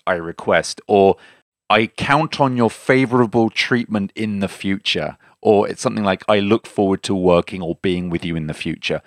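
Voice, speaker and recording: A man's voice: on the low side, no echo, studio quality. A man co-hosting a language podcast who quizzes his co-host and jokes about his own explanations. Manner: quizzing, jokey and self-deprecating. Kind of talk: casual language-lesson chat.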